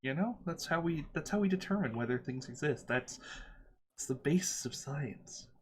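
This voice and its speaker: A man's voice: fairly high pitch, animated, normal speed, slightly rough. A man playing his character in a tabletop game, earnest and rambling in character. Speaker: player.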